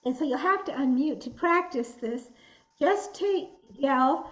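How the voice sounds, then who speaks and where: A woman instructor leading an online self-defense workshop, encouraging and giving clear commands. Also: sits high, animated, measured pace, a bit bright, reverberant, low-quality recording. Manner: encouraging, gives clear commands, laughs easily. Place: indoor room. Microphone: video call.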